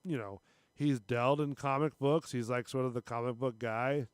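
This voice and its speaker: A man co-hosting a casual podcast chat, ranting with lots of swearing and frequent throat clearing. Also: medium pitch, fairly even intonation, normal speed, no echo. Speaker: podcast co-host.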